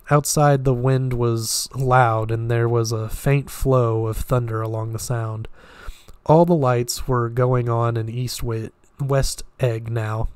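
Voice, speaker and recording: A man reads a classic novel aloud in a steady, mid-pitched voice, now and then tripping on a word and starting it over. The recording is dry and close, with no room sound. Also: slow, smooth, no room sound. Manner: steady, with occasional slips and restarts. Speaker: reader.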